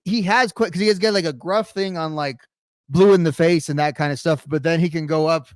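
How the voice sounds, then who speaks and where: A man's voice: on the high side, a little fast, no echo, clean studio sound. A man co-hosting a music podcast in casual chat over a remote call, hedging his points with many restarts and you-knows. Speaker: podcast co-host. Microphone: remote call mic.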